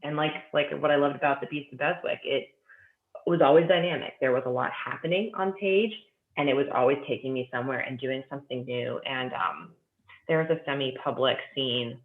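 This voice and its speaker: A woman's voice: rumbling low, a little fast. A woman guest gushing enthusiastically about books in a casual chat, with lots of fillers. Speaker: guest author. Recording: tinny remote phone line with echo.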